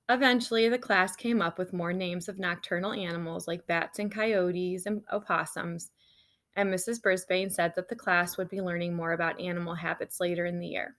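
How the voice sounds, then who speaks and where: Woman, children's book read-aloud, expressive storyteller voice, casual with the kids. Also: lowish voice, moderate pace.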